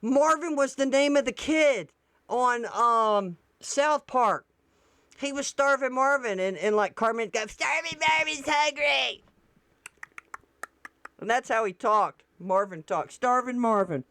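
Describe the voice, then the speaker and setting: Woman ranting about online posts, smooth clear voice, dead dry sound, swears a lot. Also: a little high, a little slow, a bit bright, no room sound. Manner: blunt, profane, reacting to posts on screen. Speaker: political commentary host. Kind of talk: casual political commentary.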